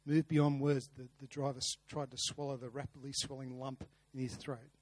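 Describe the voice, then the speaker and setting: A man's voice: mid-range voice, level tone, moderate pace, darkish tone, no echo. A man preaching a sermon, earnest, with rhetorical questions and repeated words. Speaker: pastor. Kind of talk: sermon with a told story.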